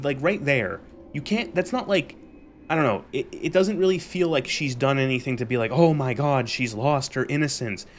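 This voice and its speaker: A young man streamer recapping a show in a casual, exasperated rant, animated and swearing freely. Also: medium pitch, a little hiss or hum.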